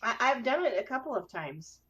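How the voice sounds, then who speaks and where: A woman's voice: fairly high pitch, brisk. A woman hosting a casual chat show, telling a story and acting out the voices in it. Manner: animated storyteller, acts out quoted voices. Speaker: host. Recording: dull lo-fi sound.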